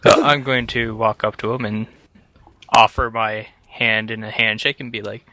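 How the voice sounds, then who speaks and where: A man's voice: on the low side, little pitch movement, normal speed, sharp tone, dry recording. A man playing a tabletop game, speaking in character hesitantly and playfully. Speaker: player. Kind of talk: tabletop role-play in character.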